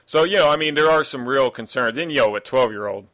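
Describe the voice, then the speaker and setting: A man in casual chat, relaxed, chiming in and asking questions. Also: mid-range voice, fairly quick.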